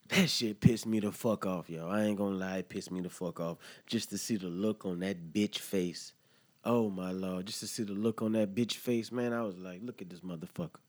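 A man hosting a solo podcast, talking in a heated, earnest way and swearing often. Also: on the low side. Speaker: podcast host. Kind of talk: emotional solo podcast monologue.

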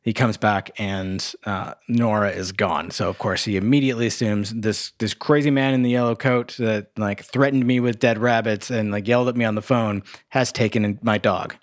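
A man's voice: fairly low pitch, fairly even intonation, dry recording, clean studio sound. A man co-hosting a podcast, casually reviewing a movie, recapping the plot with lots of "like" and restarts. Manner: halting, many fillers and restarts while recapping. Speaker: podcast co-host.

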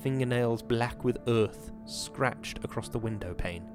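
A man hosting a podcast, giving a measured, dramatic reading of a horror novel and then chatting about it. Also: medium pitch, music in the background. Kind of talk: dramatic reading and casual commentary.

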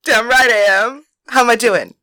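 A woman voicing a playful young woman who teases her lover, speaking high and bold. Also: normal speed. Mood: teasing. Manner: bright, teasing and bold.

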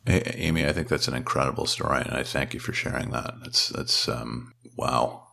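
A man's voice: extremely low pitch, moderate pace, vocal fry. A man hosting a casual interview, encouraging and thanking his guest. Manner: warm, encouraging, lots of backchannel. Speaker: podcast host.

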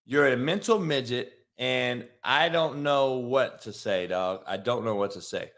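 A man's voice: medium pitch, unhurried. A man hosting a sports talk show, brash and profane, ranting about the news. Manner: brash, swearing, animated.

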